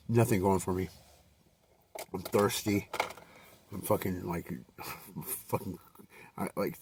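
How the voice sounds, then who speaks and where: A man's voice: lowish voice, creaky, husky, distant mic. A man telling a rambling, profanity-filled personal story with many fillers and restarts.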